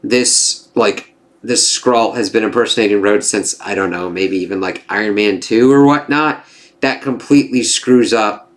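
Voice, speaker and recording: Low-voiced man rambling through a review. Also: a bit bright. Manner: rambling, profane, lots of fillers and quoted asides. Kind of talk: casual spoken TV review.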